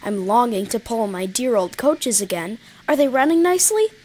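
A woman doing a gentle old engine. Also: on the high side, very animated, moderate pace. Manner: gentle, earnest. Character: kindly old male engine, gentle and wise.

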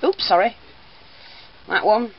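An older woman talks warmly and chattily in a casual craft vlog. She keeps dissolving into giggles between remarks about her parcel. The sound is dull and lo-fi, like a home video. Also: medium pitch, lively intonation, slow, slight background noise. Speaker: teacher and crafter.

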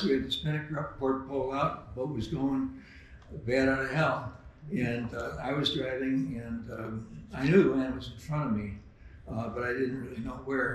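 A man's voice: medium pitch, distant mic, slight background noise. Older man telling a story, laughing. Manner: laughing, animated anecdote telling. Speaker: memorial speaker, skipper. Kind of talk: storytelling eulogy. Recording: very echoey hall.

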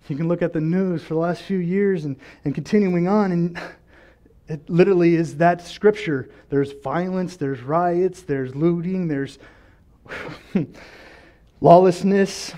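Male pastor with a high voice, preaching with passion, from loud pleas to soft lows. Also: a little slow. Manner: impassioned, swings between loud pleading and quiet lows, laughs often. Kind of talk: sermon. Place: church.

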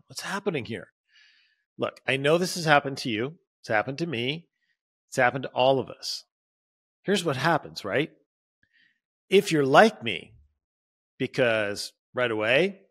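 Male podcast host, mid-pitched, earnest, animated, dry close-mic studio sound. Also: no echo. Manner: earnest and animated, acting out scenes with sudden high bursts. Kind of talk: solo motivational podcast talk.

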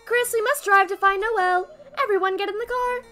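A woman's voice: extremely high pitch, fairly even intonation, fairly quick, pushed and bright, soft background music. A woman reading out the lines of a vain, grandiose female robot queen from a game. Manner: reading game dialogue aloud.

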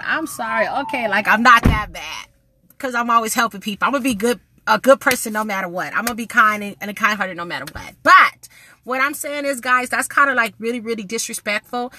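A woman's voice: a little high, brisk, sharp tone. A woman, ranting to her camera in a blunt, indignant vlog full of swearing. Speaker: vlogger. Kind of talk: casual vlog rant to camera.

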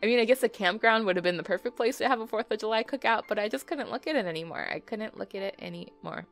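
A woman's voice: mid-range voice, fast, fairly bright tone. Chatty woman narrating her life-sim game. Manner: chatty, talks to her game characters, often laughs; exasperated, repeats herself. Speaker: let's play host. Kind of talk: casual gameplay commentary.

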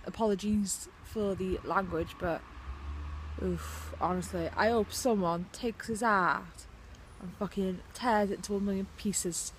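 A woman with a Welsh accent rants to her camera, swearing freely in a blunt, sarcastic way. Her voice sits mid-range. Faint background noise hangs behind her. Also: medium pitch. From Wales. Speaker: vlogger. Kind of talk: ranting vlog to camera. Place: outside her house.

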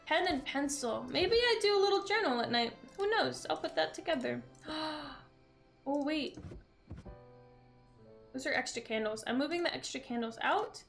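Bubbly young woman streamer, high voice. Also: normal speed, soft background music. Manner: bubbly, excitable, talks to chat while playing. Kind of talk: casual gaming stream chat.

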